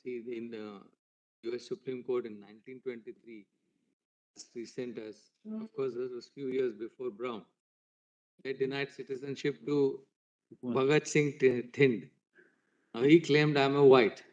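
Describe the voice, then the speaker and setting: A man speaks from the bench during a court hearing, relating a case plainly and conversationally. His voice is of middle pitch and comes across distant and muffled. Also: steady tone, a little slow, long pauses, a little mellow.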